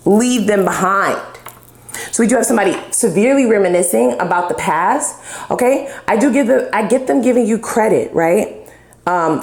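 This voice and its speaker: Chatty, foul-mouthed woman reading tarot; fry in the voice, recorded in an echoey room. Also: medium pitch, darkish tone. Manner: blunt, profane, chatty. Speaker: tarot reader. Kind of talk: casual tarot love reading. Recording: roomy echo.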